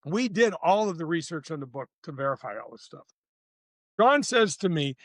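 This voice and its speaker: A man in his sixties from St. Louis, a former tour golfer telling lively, slangy stories as a podcast guest. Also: on the high side, moderate pace, no room sound. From St. Louis, USA. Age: 60s. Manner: lively, slangy, addresses the host directly. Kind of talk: casual anecdotal storytelling.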